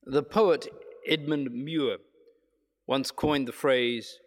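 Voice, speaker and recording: A male preacher speaks in a reflective, measured way, slowing on key phrases. His voice sits at a middle pitch. A long reverb fills the space around him. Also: steady tone. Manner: reflective, measured, with slowed emphasis. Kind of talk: sermon.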